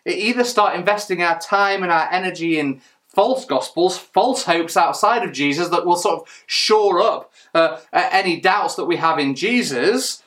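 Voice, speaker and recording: A man's voice: high-pitched, normal speed, fairly bright tone. Male preacher with a slightly raised voice delivering an earnest, emphatic sermon. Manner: earnest, emphatic, with rhetorical questions and small restarts.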